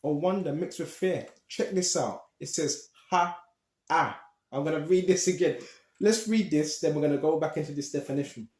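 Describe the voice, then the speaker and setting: A man's voice: on the high side, a little fast. Emphatic preacher man, echoey room. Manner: animated, emphatic, talks straight to listeners. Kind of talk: Bible teaching.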